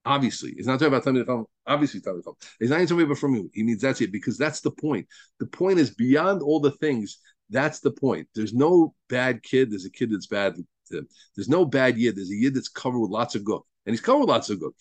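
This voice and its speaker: A man's voice: mid-range voice, lively intonation, quick pace, dry recording. A rabbi giving a Torah lesson to a study group, emphatic and repeating words as he builds each point, with Hebrew and Yiddish terms mixed into his teaching.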